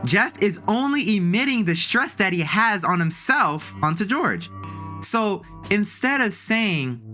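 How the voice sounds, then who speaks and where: A woman's voice: mid-range voice, sing-song, unhurried, bright, forceful tone, soft background music. A woman livestreaming from a room at home, giving casual motivational talk to her chat in an emphatic, playful way with swooping exclamations. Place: room in a house.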